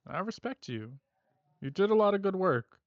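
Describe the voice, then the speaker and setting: A man's voice: high-pitched, moderate pace, dry recording, lo-fi sound, voice pushed up. Man doing an Australian thug who keeps saying mate. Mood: menacing. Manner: calm threats, repeats "mate". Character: menacing male debt collector, a warlock.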